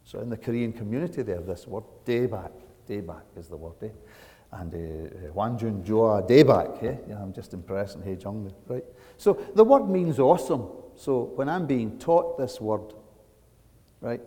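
A man from Britain preaching a sermon, swinging from hushed asides to loud, dramatic emphasis and checking in with the congregation. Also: fairly low pitch, expressive, normal speed. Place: church sanctuary. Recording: long church reverb.

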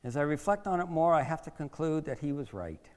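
A man's voice: fairly high pitch, expressive, a little fast, in a large hall. A male preacher retelling a Bible story in the first person, in a theatrical but conversational way.

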